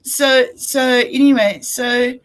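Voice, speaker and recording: A woman's voice: high voice, steady tone, slow pace. A middle-aged woman with a South African accent, chatting casually and rambling through an everyday story, acting out what people said. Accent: South African English. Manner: rambling storyteller, acts out quotes. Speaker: co-host. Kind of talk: casual chat.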